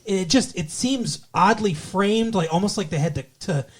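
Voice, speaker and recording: A man's voice: high voice, normal speed, slightly rough. A man co-hosting a podcast, chatting casually as he recaps a TV episode, rambling with restarts and acting out quotes. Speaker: podcast co-host.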